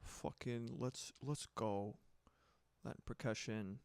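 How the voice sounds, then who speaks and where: A man's voice: medium pitch, takes it slowly, vocal fry, smooth, no room sound, clean studio sound. A man chatting casually on a livestream while he builds sounds, rambling, laughing often and swearing. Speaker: streamer and music producer.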